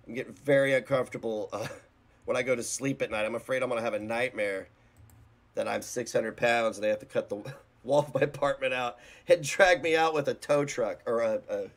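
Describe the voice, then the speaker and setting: A man's voice: medium pitch, expressive, moderate pace, a bit bright. A man hosting a reaction video, giving casual commentary in a rambling, blunt and mocking way.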